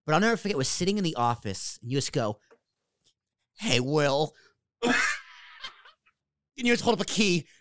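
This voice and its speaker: A man with a fairly high, smooth voice, hosting a casual podcast on a dry, close-sounding mic. He banters with his guest, lively and quick to swear. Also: no room sound. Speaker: podcast host. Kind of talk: casual chat.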